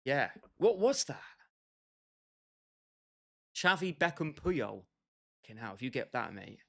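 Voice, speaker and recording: A man's voice: mid-range voice, very animated, slow, gravelly, pushed and bright. A young British man casually chatting with his livestream viewers, bantering with them by name and laughing often. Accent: British English. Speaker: streamer.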